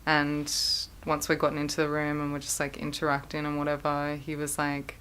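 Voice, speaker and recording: A woman's voice: sits low, monotone, brisk, a bit bright, slight background noise. A woman speaking plainly about her own experiences in an interview. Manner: plain, matter-of-fact. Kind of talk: personal testimony.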